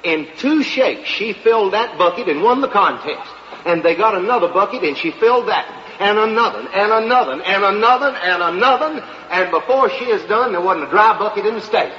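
A man's voice: sits high, slight background noise. A man delivering a folksy comic monologue in a drawling storyteller's manner. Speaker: comedian. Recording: live hall, dull, audience. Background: audience laughter.

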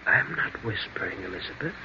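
A man's voice: fairly low pitch, animated, brisk. An actor playing the solemn ghost of a dead man who returns to make amends, in an old radio drama. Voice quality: gravelly, solemn, hushed at times. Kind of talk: 1940s radio acting. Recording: dull lo-fi old radio recording.

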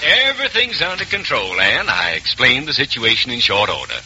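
An actor playing a mild, eager young fiancé in a 1940s radio play, talking in a flustered way. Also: male voice, mid-range voice, wildly swooping pitch, fairly quick, sharp tone, a little hiss or hum, full character voice. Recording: dull old radio broadcast.

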